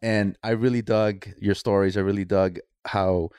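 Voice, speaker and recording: A man hosting a podcast, with a lowish voice. He chats casually and keeps nodding along with short agreements. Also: steady tone, moderate pace, darkish tone, clear, resonant tone. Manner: agreeable, brief affirmations. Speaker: podcast host. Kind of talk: casual chat.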